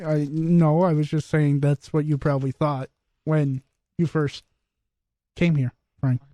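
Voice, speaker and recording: A man's voice: on the high side, little pitch movement, measured pace, mellow, no echo. A young man hosting a radio sports show, teasing his co-hosts in casual banter. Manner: teasing, wry, lots of restarts. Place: radio studio.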